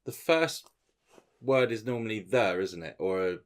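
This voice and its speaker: A man's voice: lowish voice, lively intonation, a little slow. A man co-hosting a podcast, joking and teasing his friends in casual chat. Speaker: podcast co-host.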